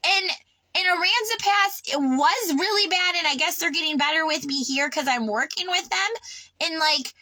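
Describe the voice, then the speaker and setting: A woman's voice: very high-pitched, normal speed, sharp tone, no echo, low-quality recording. A woman ranting in an unscripted personal vlog, agitated and swearing, with stammering restarts. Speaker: vlogger. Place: on her sailboat.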